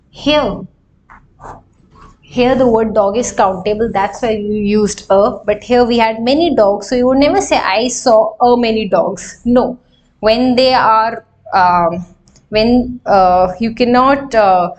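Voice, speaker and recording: Teaching grammar in a live online session, this young woman speaks Indian English, explains slowly, and asks her class rhetorical questions. Her pitch is fairly high.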